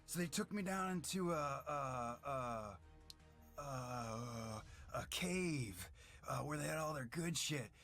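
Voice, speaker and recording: A man's voice: medium pitch, animated, slow, a bit bright, soft background music. Beau, a man playing a crude brawler woman. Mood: brash. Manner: rambling, profane, stumbling over words. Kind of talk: improvised game retelling.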